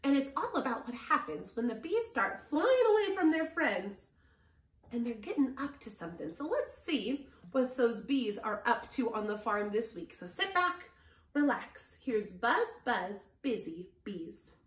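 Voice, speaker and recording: A woman music teacher leading a children's lesson from home. She reads a story aloud and asks the children gentle questions. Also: on the high side, very animated, a little slow, echoey room.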